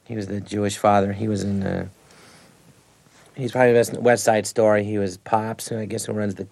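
A man's voice: fairly low pitch, flat delivery, fairly quick, vocal fry, darkish tone. A man, an actor and comedian, telling rambling anecdotes in a radio interview. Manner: rambling anecdotes, frequent laughs.

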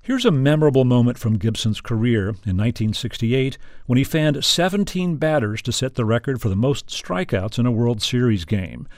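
Measured male radio host. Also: mid-range voice, animated, darkish tone, dry recording, studio quality. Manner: measured, clear, scripted intros. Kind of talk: broadcast interview and narration.

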